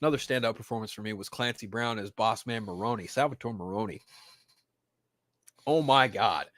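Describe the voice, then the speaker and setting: A man hosting a pop-culture podcast, ranting casually with constant swearing and sudden loud mock-crying outbursts. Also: on the low side, fairly quick, no echo. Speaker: podcast host.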